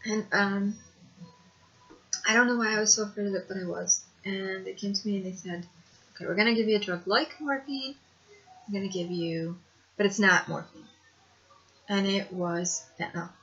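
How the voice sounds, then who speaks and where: A woman's voice: medium pitch, fairly quick, sharp tone. A woman telling a personal story to camera in a rambling, conversational way, with hesitations. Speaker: video blogger. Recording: dull lo-fi home recording.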